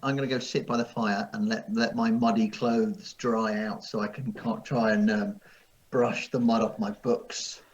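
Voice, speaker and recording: A man playing a tabletop game, speaking in halting, hesitant turns. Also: on the low side, flat delivery, lo-fi sound. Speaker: player.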